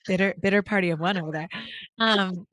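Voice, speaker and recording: A woman's voice: fairly low pitch, fairly quick, a bit bright, dry recording, studio quality. Chatty woman podcast host. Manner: chatty, enthusiastic, lots of fillers. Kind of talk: casual interview chat.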